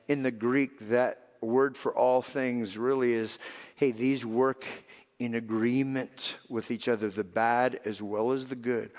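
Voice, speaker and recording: Guy preaching a sermon, loud then real quiet, echoey church sound. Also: mid-range voice. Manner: dynamic preaching, swings from loud emphatic to soft and hushed. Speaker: pastor. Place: church sanctuary. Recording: long reverb of a large hall.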